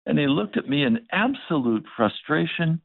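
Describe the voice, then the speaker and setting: A man's voice: a little high, sing-song, normal speed, creaky, no echo. A male pastor preaching a sermon, telling a story and acting out both sides of the dialogue. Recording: dry, phone-like narrow sound.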